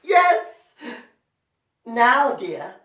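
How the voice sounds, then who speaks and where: A man plays a shrill, doting queen who coos in a high falsetto, her pitch swooping all over. It is storybook acting, heard in an echoey room. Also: sing-song, drawn-out words, bright, forceful tone, far from the mic, full character voice.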